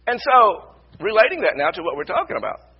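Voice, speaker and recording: A man preaching a sermon as pastor, repeating his phrases and building to loud emphasis. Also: high-pitched, big pitch swings, a little fast, husky, dull audio. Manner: repetitive, builds to shouted emphasis. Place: church sanctuary.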